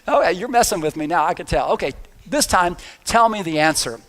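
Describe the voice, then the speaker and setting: Guy doing a flirty lady spy, coaxing, wheedling, highish voice. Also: lively intonation, brisk, fairly bright tone.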